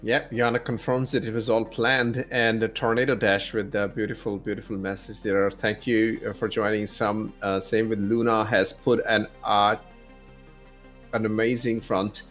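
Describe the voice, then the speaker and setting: A man co-commentating a live-streamed race in a relaxed way, full of admiring remarks. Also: lowish voice, moderate pace, faint music behind.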